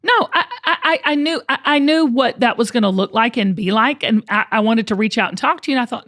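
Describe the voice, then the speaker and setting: A woman's voice: on the high side, a little fast, hardly any pauses, fairly bright tone. Earnest woman coaching. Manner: earnest, emphatic, repeats words. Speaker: host and coach. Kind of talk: encouraging coaching talk.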